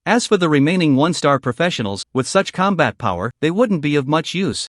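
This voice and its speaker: A man reading a scripted story recap in a steady narrating voice. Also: fairly high pitch, fairly quick, no echo, studio quality.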